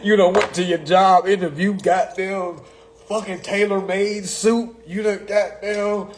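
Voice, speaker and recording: A man, talking in a profane, excitable casual monologue, reading legal text aloud and mocking it. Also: high-pitched, unhurried, slight background noise. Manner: profane, excitable, laughs often, reads text aloud and mocks it. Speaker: commentator on consumer law.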